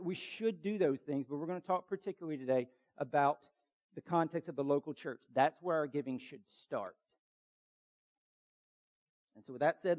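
A man preaching a sermon as pastor, urgent and emphatic, with quick asides to the congregation. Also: on the high side, a little mellow, dull audio.

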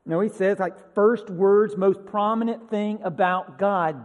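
An earnest man preaches a sermon as pastor, leaning hard on key phrases. He swings between loud emphasis and a hushed, almost whispered delivery. His voice sits high and carries a long, reverberant hall tail. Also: measured pace, few pauses, phone-quality sound.

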